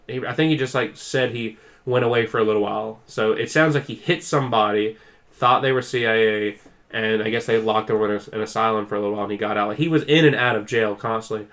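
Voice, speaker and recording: A man's voice: medium pitch, brisk, a bit bright. A man co-hosting a podcast, telling a long story in casual chat, full of "like" fillers and acted-out quotes. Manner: rambling storyteller, heavy use of "like"; acts out quoted people with raised intensity. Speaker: podcast co-host.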